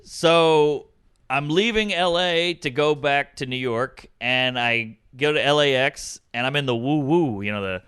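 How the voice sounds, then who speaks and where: A man's voice: mid-range voice, unhurried, fairly bright tone, clean tone, no room sound, studio quality. A man co-hosting a comedy podcast, telling bawdy, self-mocking stories in casual chat. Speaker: podcast co-host. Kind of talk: casual chat, comic storytelling.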